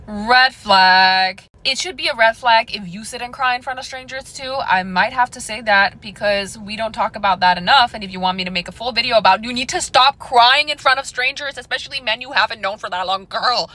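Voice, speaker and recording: A woman's voice: fairly high pitch, a little fast, hardly any pauses, sharp tone, poor audio. A young woman giving dating advice straight to her viewers in a sassy, confiding way, calling them girl and honey. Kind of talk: direct-to-camera advice monologue.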